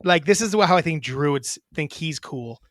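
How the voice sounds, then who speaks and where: A man's voice: on the high side, expressive, brisk, a bit bright, no echo, studio quality. A man co-hosting a sibling sports podcast, casual and joking, swearing freely as he coaches his sister. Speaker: podcast co-host. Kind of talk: casual chat.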